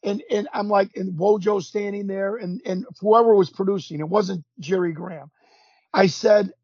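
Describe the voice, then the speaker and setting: A former pro wrestler guesting on a podcast tells stories in a high, husky voice at a moderate pace, without echo. It's a casual storytelling interview where he's animated, acts out quotes, and restarts sentences often; the audio is dull and lo-fi.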